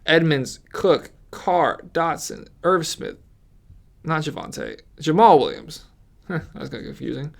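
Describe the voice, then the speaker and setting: A man's voice: fairly high pitch, lively intonation, slow, creaky. A man giving casual, rambling commentary on his fantasy football mock draft, ranting with frequent restarts.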